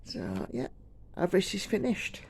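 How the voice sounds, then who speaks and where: A woman's voice: medium pitch, wildly swooping pitch, moderate pace, gravelly, darkish tone, a little hiss or hum. A woman from the United Kingdom chatting casually and rambling while she stitches at home. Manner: chatty, rambling, self-deprecating. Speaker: cross-stitch vlogger.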